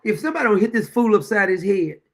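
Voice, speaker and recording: A man hosts his own show and reacts to a courtroom video with indignant, profane commentary. He rambles and restarts, his voice high-pitched and gravelly throughout. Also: expressive, fast talker. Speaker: show host.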